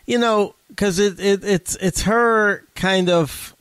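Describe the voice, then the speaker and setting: A young man with a somewhat high voice co-hosts a casual chat podcast. He thinks aloud with stumbles, restarts and fillers. The sound is dry and close, with no room around it. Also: slow, a bit bright, smooth, no echo. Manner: hesitant, restarts and fillers while reasoning aloud. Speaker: podcast co-host.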